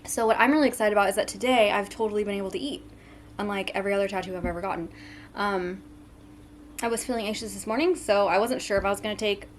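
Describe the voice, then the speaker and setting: Young woman vlogger, twenties, casual rambling chat, mid-pitched voice, faint home noise. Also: fast. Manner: chatty, frequent ums, eating while talking.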